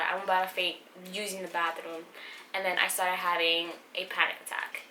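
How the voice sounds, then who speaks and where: Young woman vlogger, rambling and emotional, fillers and restarts, bright tone, roomy echo. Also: lowish voice, flat delivery, fairly quick. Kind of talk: personal story vlog. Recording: echoey room with faint background noise.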